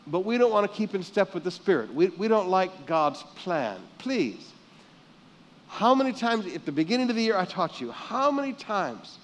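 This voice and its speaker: A man from the Philippines delivers a sermon in a notably high voice. He drops to near-whispers, then builds to loud declarations. He keeps prompting the congregation to say lines back to him. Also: slight background noise. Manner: dynamic preaching, swinging from hushed to loud; calls out for congregation responses. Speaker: pastor.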